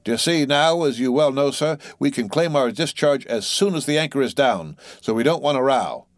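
Man doing a rough defiant sailor, bold sea talk, pitched up, dry close sound. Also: animated, moderate pace, no room sound, lightly acted. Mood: firm. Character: defiant rough male sailor, mutiny ringleader.

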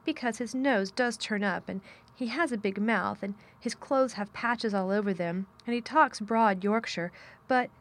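A woman's voice: mid-range voice, a little slow, lightly acted. A blunt, sour-tempered young girl from a storybook who speaks frankly and plainly, as a woman reads her aloud. She talks in a straightforward, unfussy way.

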